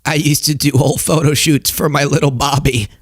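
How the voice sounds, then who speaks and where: A man's voice: on the high side, fairly even intonation, a little fast, slightly rough, no echo, clean studio sound, pitched below the performer's own voice. A man doing a mocking impression of a rambling older male politician who pleads and confesses. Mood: pleading.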